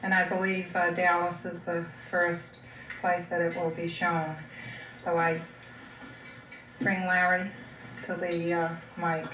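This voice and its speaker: A woman introducing a guest speaker to an audience, halting and hesitant. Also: fairly low pitch, completely flat delivery, heavy background noise. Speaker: event organizer introducing speaker. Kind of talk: formal introduction. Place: lecture hall. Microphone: room microphone at a distance. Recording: roomy old video recording from far off.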